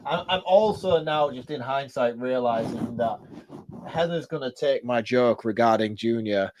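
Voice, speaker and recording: A man's voice: mid-range voice, a little slow, darkish tone, dry recording. A male podcast co-host in casual chat, teasing and laughing as he talks.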